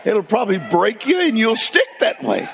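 A preacher man with a gravelly, husky voice and a high, lively pitch. He tells stories slowly and folksily, breaking into laughter and then dropping to a hush. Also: in a large hall, a crowd in the background. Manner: folksy, laughing, swings between loud and hushed. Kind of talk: storytelling sermon.

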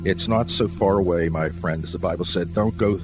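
Low-voiced, animated male preacher. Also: brisk, over music. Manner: animated, humorous storyteller with sudden pitch jumps. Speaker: evangelist preacher. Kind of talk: sermon storytelling.

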